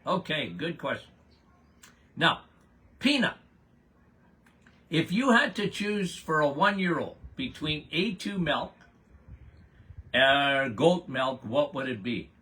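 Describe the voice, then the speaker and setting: Older male podcast host doing a casual Q&A, emphatic and blunt, with an unhurried delivery. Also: on the high side, sing-song, bright, forceful tone. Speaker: podcast host answering listener questions. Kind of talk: casual health Q&A.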